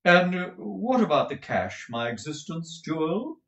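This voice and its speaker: A man reading aloud and voicing a foppish, extravagant husband who gushes florid endearments in a high, swooping voice. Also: very animated, unhurried, a bit bright, echoey room, exaggerated voice. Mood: gushing.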